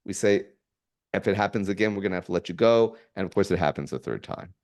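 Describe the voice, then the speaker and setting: A middle-aged man, a podcast guest, telling stories in a rambling way with halting restarts and chuckles. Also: low-pitched, a little mellow. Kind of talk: casual storytelling.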